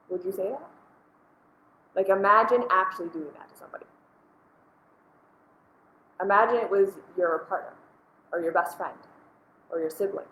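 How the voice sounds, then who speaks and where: A woman's voice: medium pitch, fairly bright tone, reverberant, a little hiss or hum, poor audio. A woman hosting a casual spoken commentary, earnest and conversational, often dropping "like" between thoughts. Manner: earnest, conversational, frequent "like" fillers. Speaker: host.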